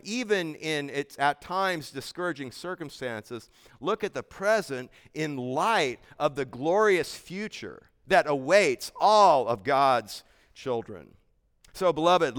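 A man preaching a sermon in a smooth, resonant, slightly high voice. He is earnest and emphatic as he walks through scripture verse by verse. The sound carries a long echo of a church hall. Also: fairly bright tone. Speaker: pastor. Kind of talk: expository sermon.

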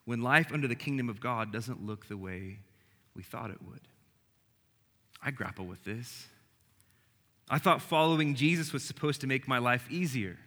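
A man preaching a sermon as pastor, swinging between emphatic, rising lines and hushed, quiet ones. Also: mid-range voice, in a large hall.

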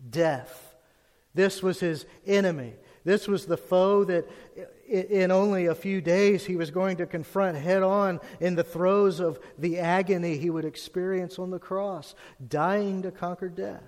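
A man giving a sermon as pastor, earnest, dropping his voice low and soft when he reads scripture. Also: steady tone, unhurried, in a large hall.

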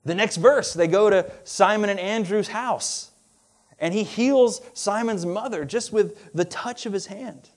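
Young adult male preacher, higher voice, chatty and animated in the pulpit. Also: a little slow. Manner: conversational and animated, with laughs and asides. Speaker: pastor. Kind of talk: sermon.

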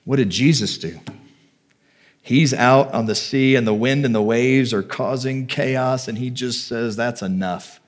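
A man's voice: medium pitch, unhurried. A man preaching a sermon, reading scripture aloud and retelling it in a conversational, heartfelt way with personal stories. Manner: conversational, reads scripture then retells it with feeling. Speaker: pastor.

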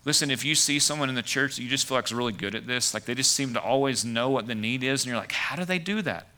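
Man, pastor, conversational sermon, bright tone, mid pitch. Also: steady tone, quick pace. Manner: conversational preaching with many "like" and "right" asides.

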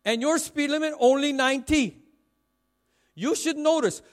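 A man's voice: very high voice, fairly quick, a bit bright. A man voicing an insistent male Malaysian traffic policeman who scolds in clipped, broken English with a Malaysian accent. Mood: scolding. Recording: long reverb of a large hall.

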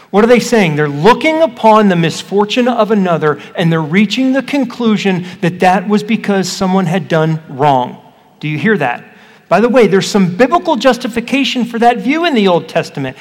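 A man, a pastor, reading scripture aloud and then teaching it line by line in a conversational way, asking his listeners questions. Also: sits high. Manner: conversational, asks the congregation questions. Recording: echoey hall with long reverb.

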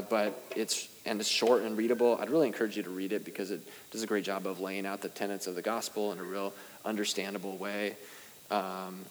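A man's voice: on the low side, in a large hall, slight background noise. A young adult male pastor preaching a sermon in a casual, self-deprecating way, with rising emphasis at key points. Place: church sanctuary.

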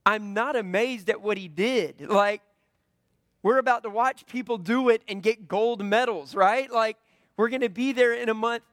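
A man's voice: high voice, fairly bright tone, no room sound, studio quality. A man in his thirties with a Southern US accent, preaching a conversational sermon full of storytelling and acted-out dialogue. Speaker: pastor.

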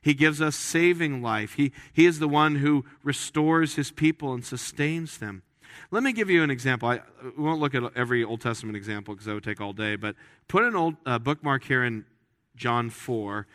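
Here a pastor speaks at a moderate pace in a medium-pitched, slightly bright voice, in a dry recording with clean studio sound. His sermon in the church sanctuary is conversational and full of jokes, with many restarted phrases.

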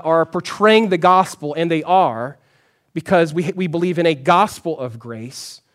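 A man, a pastor, preaching a sermon in a conversational storytelling way, often dropping to a soft, low voice for emphasis.

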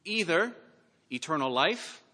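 A male pastor preaching a sermon, reading scripture aloud with dramatic emphasis and loud calls. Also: a little high, sing-song, unhurried. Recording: long hall reverb.

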